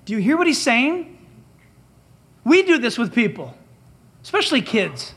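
Delivering his sermon with dramatic emphasis, this pastor uses a very high, husky voice that swoops animatedly in pitch and drops into quoted speech. His pace is moderate, broken by long pauses.

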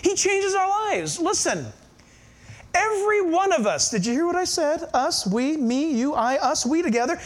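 A man's voice: very high voice, big pitch swings, moderate pace. A middle-aged man, preaching a sermon and asking the congregation questions. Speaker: pastor.

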